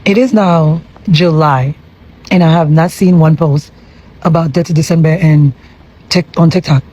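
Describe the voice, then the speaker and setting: Excited high-voiced man hyping to camera. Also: unhurried, rough recording. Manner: excited, urging, repetitive hype. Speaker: vlogger. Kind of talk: casual selfie video.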